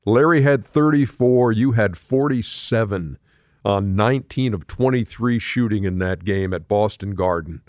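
A man hosting an interview, asking questions in a measured way and reading out game statistics. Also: lowish voice, darkish tone, dry recording, clean studio sound. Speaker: host.

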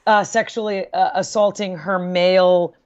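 A woman in casual conversation, speaking in a measured, thoughtful way with hesitant fillers. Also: lowish voice, steady tone, a little mellow, clean tone, highs cut off. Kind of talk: casual chat.

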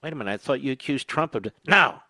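A man's voice: mid-range voice, animated, quick pace, sharp tone, no echo. A man hosting a talk radio show, delivering a combative, sarcastic political monologue that rambles from point to point.

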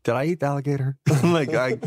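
A man's voice: mid-range voice, fast talker, darkish tone, no echo, clean studio sound. A man co-hosting a sports podcast, laughing and tossing in jokes while swapping stories. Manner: laughing, joking asides. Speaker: podcast co-host. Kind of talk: casual chat.

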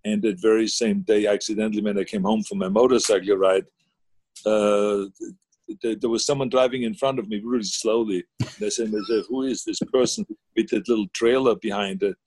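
A man's voice: fairly low pitch, fairly even intonation, a little fast, darkish tone, slightly rough, no room sound. A man, chatting casually as a guest on a video call, rambling with many fillers and restarts. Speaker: guest, former governor.

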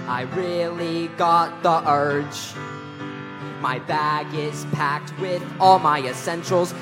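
A man doing a sweet, simple-hearted bench sitter. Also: fairly high pitch. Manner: earnest sung musical-theatre delivery. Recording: reverberant hall with loud music.

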